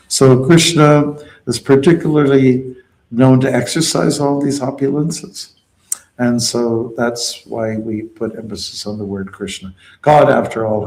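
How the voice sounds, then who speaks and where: A man with a medium-pitched, darkish voice teaches a devotional mantra, patiently explaining it and calling out lines for the group to chant back. He's a kirtan leader, and the recording quality is low.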